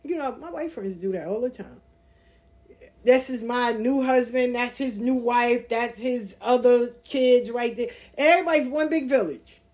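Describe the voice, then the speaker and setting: A woman hosting a podcast, telling a personal story in a casual, animated way and acting out the voices of the people in it. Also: a little high, normal speed. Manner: animated, acts out voices in her anecdotes. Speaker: podcast host.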